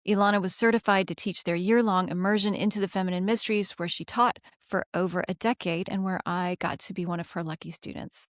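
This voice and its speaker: A woman's voice: mid-range voice, no echo. Effusive woman podcast host, dry sound. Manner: effusive and openly emotional. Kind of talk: podcast interview.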